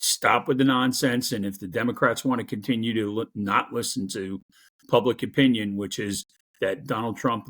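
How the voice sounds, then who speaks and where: A middle-aged man giving an angry, profane political rant, growing louder as he goes. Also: lowish voice, slightly rough. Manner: angry, profane, rising to loud outbursts. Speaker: political commentator.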